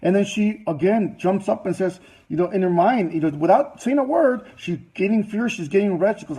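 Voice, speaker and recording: A man tells a rambling story to a business audience in a fairly high, husky voice. His tone is mellow rather than bright, and his telling is loose and chatty, full of fillers and asides. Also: animated, a little fast, few pauses, low-quality recording. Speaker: business presenter.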